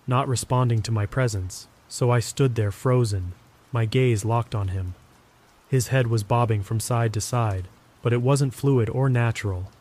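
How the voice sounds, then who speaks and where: A man giving a scripted first-person horror story narration in a steady, even telling. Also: mid-range voice.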